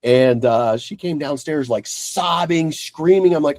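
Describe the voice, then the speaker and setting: A man's voice: on the high side, a little slow, few pauses, no room sound. A man co-hosting a casual podcast, telling stories with lots of swearing and acted-out quotes. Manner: animated storyteller, swears freely. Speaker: podcast co-host. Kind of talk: casual chat.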